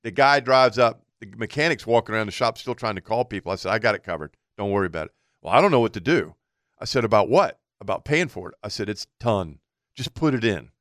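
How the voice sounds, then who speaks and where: Man, talk show co-host, casual storyteller, low voice, dry close mic. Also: fast, dry recording. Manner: animated anecdote teller acting out quotes.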